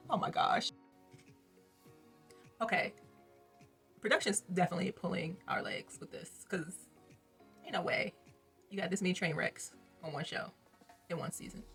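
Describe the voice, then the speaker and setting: This is a woman reviewing a reality TV episode in a casual vlog, blunt and exasperated, with plenty of slang. Her voice sits a little low but sounds bright and somewhat husky. Faint music plays under her talk.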